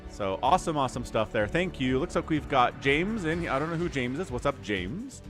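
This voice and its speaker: An upbeat, talkative man hosts a live game stream at a middle pitch, greeting and thanking viewers by name. Clear music plays behind his voice the whole time. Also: sing-song, normal speed.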